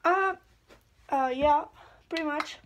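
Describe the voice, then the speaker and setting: A woman's voice: sits high, slow pace, a little hiss or hum. A young woman whose first language is Spanish, chatting casually to her vlog audience and repeating words as she thinks aloud. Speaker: vlogger.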